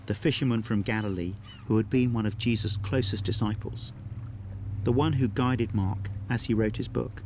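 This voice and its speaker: Earnest man giving a measured Bible talk. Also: mid-range voice, a little mellow, a little hiss or hum. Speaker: pastor. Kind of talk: scripted Bible teaching talk.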